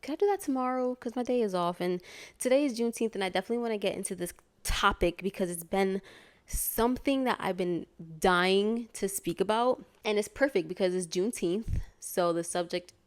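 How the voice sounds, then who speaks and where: A woman from Hartford, Connecticut, USA, talks earnestly in a casual personal vlog, her mid-range voice moving briskly. She rambles, using lots of fillers and restarting her sentences.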